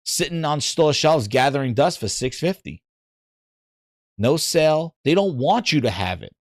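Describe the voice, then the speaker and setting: A man in casual, ranting podcast chat, animated and exasperated, stumbling over restarts as he piles on complaints. His voice sits a bit high for a man. The sound is dry and close, with no room in it. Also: a little slow, dry recording. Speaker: gaming podcast host.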